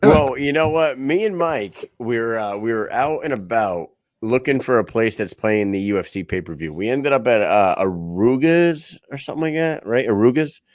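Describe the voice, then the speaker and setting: A man hosting a podcast, chatting casually with loud enthusiasm and plenty of swearing. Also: medium pitch, animated, normal speed, hardly any pauses, no echo. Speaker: podcast host. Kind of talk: casual chat.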